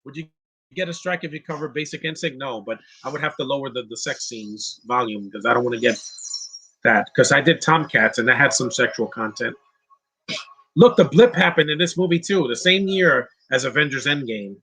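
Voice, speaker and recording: A man's voice: mid-range voice, a little fast, pushed and bright, breathy edge. A man hosting a casual live movie commentary, chatty and opinionated, reading out viewer questions and rambling with restarts. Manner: rambling with frequent restarts and laughs.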